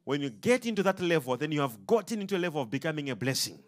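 A man preaching a sermon to a congregation, animated and full of call-and-response questions. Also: on the high side, racing.

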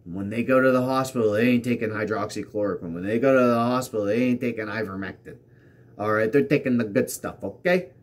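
A man's voice: lowish voice, fast talker. A man hosting a political commentary show, reading out tweets and mocking them sarcastically, repeating lines for emphasis.

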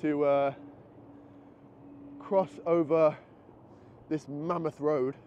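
A travel vlogger walks city streets and ducks into a convenience store, talking in a chatty, excitable way and thinking aloud, a bit out of breath. His voice sits on the high side and he speaks very slowly. The camera audio is muffled, with street noise around him.

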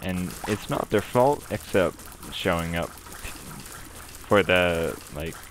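A man's voice: low voice, expressive, slow pace. A young man giving casual, rambling commentary while playing a game, with lots of fillers and swearing. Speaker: gaming commentator. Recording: noisy home recording.

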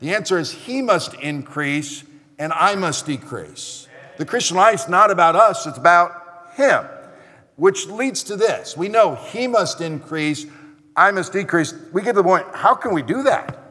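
A middle-aged pastor preaches a sermon in a church hall, his voice bright and a little high. He tells his stories earnestly and stops to restart his sentences often. A long reverb trails each phrase through the sanctuary. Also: animated. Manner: earnest storytelling, halting restarts.

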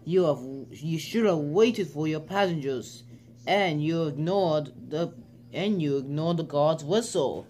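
A man's voice: a little high, a little slow, darkish tone, soft background music, lightly acted. A man playing a stern railway boss. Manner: scolding, stumbles and restarts.

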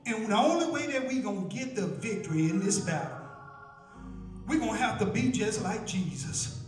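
A man preaching a sermon in a church, shouting in a rhythmic cadence full of hallelujahs, heard from far off in an echoey room. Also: high voice, very animated, normal speed, soft background music. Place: church sanctuary.

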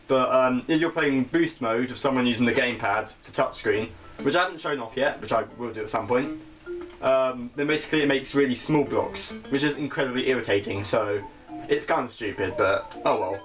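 A young British man chatting casually as he plays a video game, self-mocking and quick to laugh at his own slips. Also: medium pitch. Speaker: gaming channel host. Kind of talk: casual let's-play commentary. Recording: game music playing behind the voice.

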